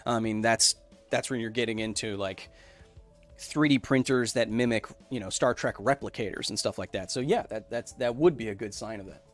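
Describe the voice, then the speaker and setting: A man's voice: lowish voice, normal speed, soft background music. Rambling man hosting a science livestream. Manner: rambling, self-interrupting, loose explanations. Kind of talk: casual live chat, reading viewer messages.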